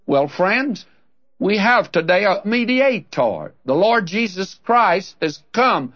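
A man's voice: high voice, very animated, takes it slowly, a bit bright, highs cut off. A man teaching through a Bible passage in an earnest, conversational preaching manner, speaking straight to the listener.

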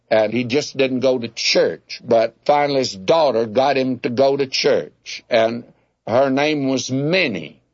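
A man's voice: medium pitch, dull audio. Folksy man preaching a sermon. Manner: folksy, tells homespun anecdotes; plainspoken, addresses listeners as friends. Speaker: Bible teacher. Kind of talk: radio Bible teaching sermon.

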